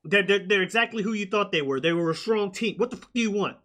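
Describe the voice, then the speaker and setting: A man co-hosting a podcast in casual chat, laughing often and mimicking others. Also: brisk. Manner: animated, laughing, imitates athletes in high voices. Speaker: podcast co-host.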